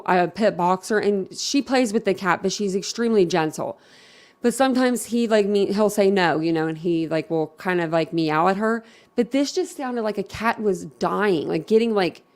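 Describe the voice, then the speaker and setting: A woman from Philadelphia hosts a live stream, talking to her viewers in a loose, rambling and outspoken way. Her voice sits at an ordinary middle pitch but carries a gravelly fry. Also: darkish tone. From Philadelphia, USA. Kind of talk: casual live-stream chat.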